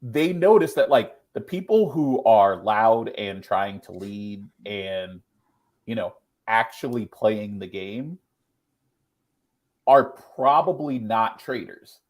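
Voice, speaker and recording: A man co-hosting a casual podcast, analysing players' strategy in a steady way. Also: lowish voice, slow pace. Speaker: podcast co-host. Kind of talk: casual chat.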